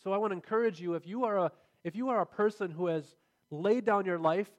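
Earnest high-voiced male preacher. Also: brisk. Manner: earnest, builds to emphatic repetition. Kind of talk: sermon.

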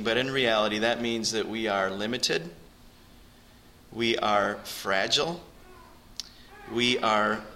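A man preaching a sermon to his congregation, earnest and direct, often rising in pitch and force to stress a point. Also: bright, forceful tone, a little hiss or hum, rough recording. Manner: earnest, rises in pitch and volume for emphasis, addresses the congregation directly. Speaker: pastor. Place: church.

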